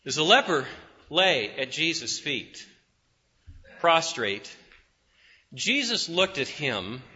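A man preaching with fervent conviction, his high, bright voice swinging from emphatic peaks down to hushed, low passages. The sound is muffled and carries the long echo of a church hall. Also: very animated, slow, slightly rough. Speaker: pastor. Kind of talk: sermon.

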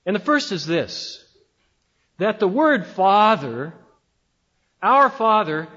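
A pastor preaching a sermon with emphatic delivery and dramatic pauses. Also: male voice, high voice, sing-song, pushed and bright, lo-fi sound.

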